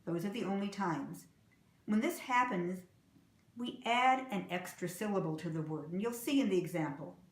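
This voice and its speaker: A woman teaching English pronunciation, saying example words slowly and clearly and repeating them. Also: mid-range voice, expressive, echoey room. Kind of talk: slow, deliberate pronunciation lesson.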